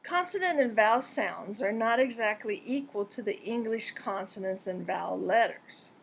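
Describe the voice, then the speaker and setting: A woman narrating a scripted pronunciation lesson in a clear, deliberate and measured way. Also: mid-range voice, slight background noise. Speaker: pronunciation teacher.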